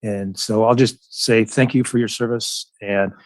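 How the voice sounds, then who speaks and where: A man's voice: on the low side, fairly even intonation, unhurried, dry recording. Man on a zoom board meeting, um-ing and uh-ing through a thank-you. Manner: hesitant, filler-heavy. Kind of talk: spoken tribute at a public meeting. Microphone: video call.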